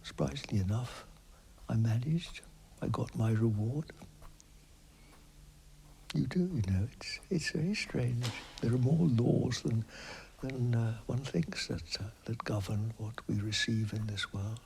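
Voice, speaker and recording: A man speaking in a reflective interview, slow and hesitant with many pauses, his phrases trailing off into a breathy near-whisper. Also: medium pitch, a little mellow, a little hiss or hum. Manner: thoughtful, with many pauses and fillers.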